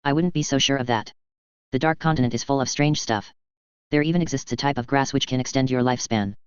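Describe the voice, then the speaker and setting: A man voicing a calm, overpowered young man who speaks in a relaxed, offhand way, in a plain audiobook reading. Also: medium pitch, quick pace, clear, resonant tone, no echo, close to an everyday voice. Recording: dull, dry lo-fi sound.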